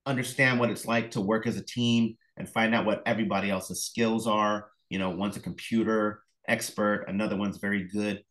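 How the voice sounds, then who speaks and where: A middle-aged man with a fairly low voice speaks casually as an interview guest. He tells stories with plenty of fillers and restarts, and he acts out phone calls and reactions with sudden bursts of energy. He sounds like he is on a remote call. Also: fairly even intonation, moderate pace, hardly any pauses, a bit bright, rough recording. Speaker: author and illustrator, interview guest.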